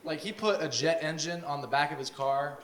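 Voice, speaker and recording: A young man doing a deadpan stand-up set of dark one-liners. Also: fairly high pitch, fairly quick. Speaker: stand-up comedian. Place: comedy showcase stage. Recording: live with loud audience. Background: audience laughter.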